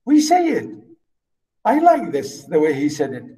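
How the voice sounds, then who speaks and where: A man with Arabic as his first language teaching a literature class, explaining slowly and repeating and paraphrasing each line. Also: high-pitched, huge pitch swings, warm tone, recorded from a distance, poor audio. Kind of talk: classroom lecture.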